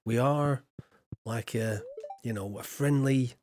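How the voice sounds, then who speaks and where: A rambling, friendly man from England chats casually while playing a game, full of ums and side remarks. His voice sits at an ordinary middle pitch. A faint noise hums underneath. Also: takes it slowly, a little mellow. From Yorkshire, England. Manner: rambling, chatty, self-deprecating, lots of fillers. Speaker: streamer.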